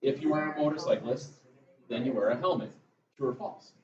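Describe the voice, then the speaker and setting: Captured by a distant mic in a roomy classroom, the sound is dull and far away. A male math teacher speaks at a medium pitch, a little fast, giving a casual, chatty lecture and telling stories to his students.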